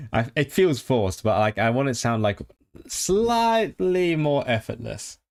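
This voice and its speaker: A man's voice: mid-range voice, very animated, takes it slowly, creaky, darkish tone. A man streaming live, repeating sounds over and over as he practices rolled Rs and chats with viewers. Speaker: language-learning streamer. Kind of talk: casual livestream practice.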